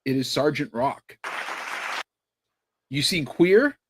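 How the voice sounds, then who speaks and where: A man co-hosting a podcast, delivering sarcastic, deadpan hot takes in casual banter. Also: mid-range voice, slow, a crowd in the background, background noise. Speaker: podcast co-host.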